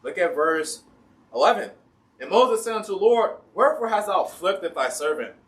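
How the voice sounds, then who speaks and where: A man's voice: high voice, very animated, moderate pace, a bit bright, recorded from a distance. A man with an Ohio accent preaching a casual sermon in a church, reading scripture and acting out the complaining people and God in everyday talk. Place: church sanctuary.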